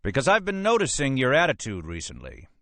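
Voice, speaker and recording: A man voicing a blustering, suspicious police captain who talks in a gruff, pushy way, in a storybook reading. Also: medium pitch, wildly swooping pitch, fairly quick, a bit bright, dry recording, pitched above the performer's own voice. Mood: bossy. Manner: gruff, pushy, rhetorical questions.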